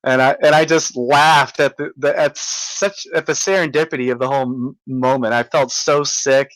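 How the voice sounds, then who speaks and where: A man rambles through a casual vlog story, excitable and full of restarts and fillers. His voice sits at an ordinary middle pitch, and the sound is close and dry. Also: dry recording, low-quality recording. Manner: halting, many restarts and fillers; excitable, marvelling. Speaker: vlogger recounting a visit.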